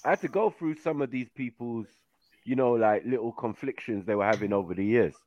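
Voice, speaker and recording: A man's voice: medium pitch, brisk, a little mellow. A man chatting casually on a podcast, slangy, putting on voices and laughing often. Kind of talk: casual chat. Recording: dry, dull lo-fi sound.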